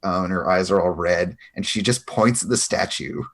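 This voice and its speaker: A man's voice: low-pitched, normal speed, a bit bright, slightly rough. A man talking as a player in a tabletop game, hesitant and full of "like". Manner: hesitant, lots of "like".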